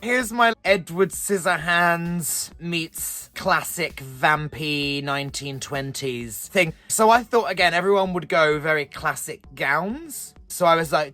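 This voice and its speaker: Male guest, lively wry storyteller, video call audio. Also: fairly high pitch, slow, few pauses, no room sound. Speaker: guest drag performer. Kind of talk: casual chat about own looks.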